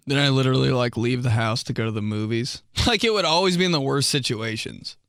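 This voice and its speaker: A man's voice: mid-range voice, fast, vocal fry, fairly bright tone, no echo, studio quality. A young man hosting a podcast, telling comic stories in a casual monologue, laughing often and mimicking voices. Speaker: podcast host.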